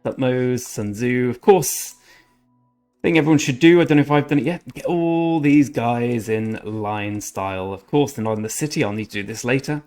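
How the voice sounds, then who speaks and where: A man's voice: mid-range voice, moderate pace, a little mellow, faint music behind. A man rambling through casual commentary over his strategy game, often correcting himself mid-sentence. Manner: chatty, rambling, self-correcting. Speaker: gaming channel host.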